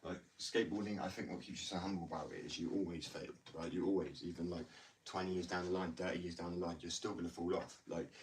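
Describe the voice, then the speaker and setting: A man with a very low voice talks quickly in a loose, rambling way, leaning on "like" and "you know". He speaks from some distance to the mic at home, over a faint hiss of noise. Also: fairly even intonation. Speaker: skateboarder talking about skating. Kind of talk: casual chat. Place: indoors at home.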